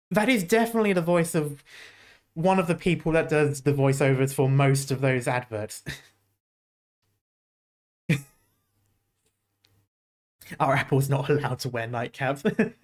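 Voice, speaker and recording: Streamer reacting to trailers, mid pitch, rambly and giggly, lots of laughing. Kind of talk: casual reaction commentary.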